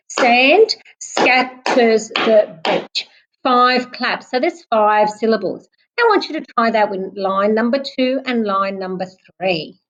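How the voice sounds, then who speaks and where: A young woman, a primary school teacher giving a recorded online lesson, explaining slowly and patiently. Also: sits high, highs cut off. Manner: clear, slow, patient explaining, clapping out syllables.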